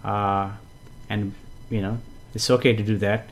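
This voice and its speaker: A man hosting a casual live stream, greeting viewers and reading their comments, chatty and gently explanatory with frequent fillers and soft chuckles. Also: fairly low pitch, flat delivery, unhurried. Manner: gently explanatory, repeats himself for emphasis. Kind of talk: casual live-stream chat with spiritual teaching.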